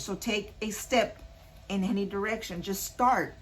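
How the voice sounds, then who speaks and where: A woman's voice: mid-range voice, moderate pace, rough recording. A woman doing a casual spoken tarot reading, talking straight to her viewers and repeating her points earnestly. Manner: repetitive, earnest, addresses viewers directly. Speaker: tarot card reader.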